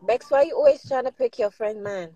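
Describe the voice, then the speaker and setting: A woman's voice: on the high side, brisk, warm tone, no echo, poor audio. A woman scolding dramatically in a live chat. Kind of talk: casual live stream chat.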